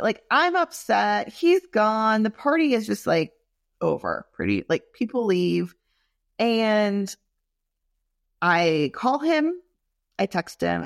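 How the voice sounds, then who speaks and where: A woman candidly telling personal stories in a frank, expressive way, full of fillers and asides. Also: medium pitch, slow, long pauses, dry recording, studio quality.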